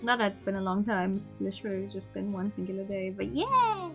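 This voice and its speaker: A woman's voice: mid-range voice, lively intonation, brisk, over music. A young woman streamer who reads a visual novel aloud, with rambling, stammering asides in between.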